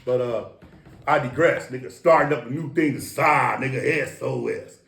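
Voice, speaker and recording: A middle-aged man from East Los Angeles, USA, appears as an interview guest, telling stories casually in a boastful, profane way and adding his own sound effects. His voice is gravelly and fairly bright at a medium pitch, with a moderate pace, and the recording has a roomy echo.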